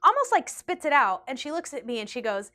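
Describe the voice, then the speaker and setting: A woman's voice: high voice, brisk. Chatty young woman telling a storytime vlog. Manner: chatty and animated, heavy use of like. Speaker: vlogger. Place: indoors, seated in a rotating chair.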